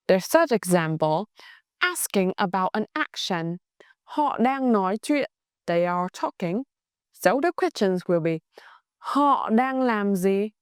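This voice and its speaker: A woman with a Vietnamese accent, a native Vietnamese speaker teaching a language lesson in a measured, scripted way and slowing down to spell out example phrases. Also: medium pitch, smooth, no room sound, studio quality.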